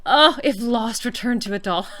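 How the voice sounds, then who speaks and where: A woman's voice: a little high, animated, unhurried, fairly bright tone, no echo. A woman giving casual commentary while playing a video game, often breaking into long laughing fits. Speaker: gaming streamer.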